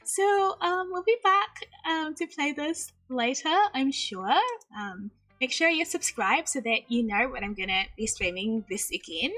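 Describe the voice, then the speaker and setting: A woman's voice: high-pitched, animated, a little slow, sharp tone. A woman streaming a game and chatting casually, bubbly and giggly, sprinkling in Japanese phrases. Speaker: VTuber streamer. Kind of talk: casual livestream chat.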